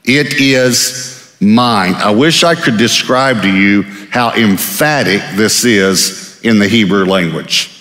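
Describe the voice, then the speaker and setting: A man's voice: fairly low pitch, a little slow, hardly any pauses, fairly bright tone. A man from Texas, a pastor preaching a sermon in an emphatic, conversational way, often repeating words for stress. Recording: echoey hall reverb.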